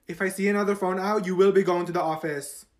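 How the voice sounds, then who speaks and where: A man's voice: high voice, steady tone, quick pace, slight background noise, close to an everyday voice. A man voicing a stern female schoolteacher who scolds her class with sarcasm in a comedy skit. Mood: scolding.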